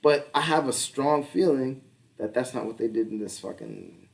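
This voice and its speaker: A man's voice: medium pitch, moderate pace, creaky, far from the mic. A man in his thirties co-hosting a casual podcast chat, rambling and swearing, laughing often and acting out little exchanges. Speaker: podcast co-host.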